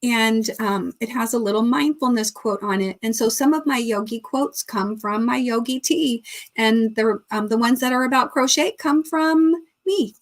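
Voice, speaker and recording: A woman's voice: fairly high pitch, normal speed. A woman hosting a casual live stream, chatting and reading viewer comments aloud, laughing often.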